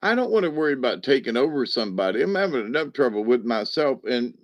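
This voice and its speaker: A man's voice: medium pitch, big pitch swings, fast, dry recording. A man telling stories in a rambling, folksy way, often chuckling, on a dull, dry lo-fi recording. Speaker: spiritual card reader. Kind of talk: casual storytelling monologue.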